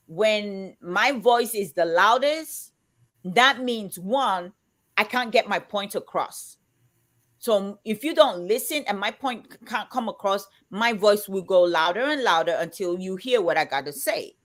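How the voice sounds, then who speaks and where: A woman in her fifties who talks loudly and emphatically, as if shouting, chatting on a live show. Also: mid-range voice, animated, unhurried. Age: 50s. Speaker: co-host of a live chat show. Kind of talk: casual chat.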